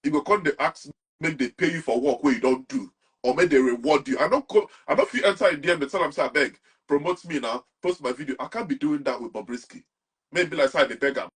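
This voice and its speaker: Nigerian guy talking fast and animated, raspy-ish voice, kinda high. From Nigeria, Anambra. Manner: animated, mixes Pidgin and English. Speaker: guest. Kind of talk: casual interview talk.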